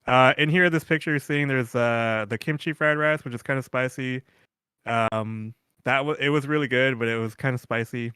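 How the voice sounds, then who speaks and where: A man co-hosts a podcast in loose, casual chat, wandering through stories and swearing freely. His voice is bright and crisp. The sound is dry and close. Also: mid-range voice, fairly even intonation, normal speed, no room sound. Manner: rambling storyteller, curses freely. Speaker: podcast co-host.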